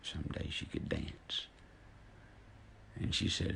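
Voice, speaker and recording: A man's voice: a bass voice, moderate pace, gravelly, a little hiss or hum. A man telling folksy stories on a live stream, blunt and indignant.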